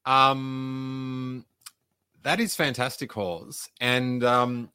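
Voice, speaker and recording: A man's voice: medium pitch, lively intonation, measured pace, pushed and bright, no echo. A man, co-hosting a casual podcast chat, joking and often cutting in. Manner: jokey, interrupting, bursts into silly voices. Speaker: podcast co-host.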